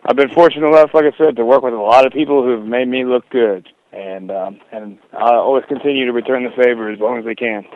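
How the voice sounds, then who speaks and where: A man's voice: medium pitch, fast, hardly any pauses, narrow, tinny audio. A young man, a wrestler guest, telling stories in a casual interview, rambling with lots of fillers and "dude".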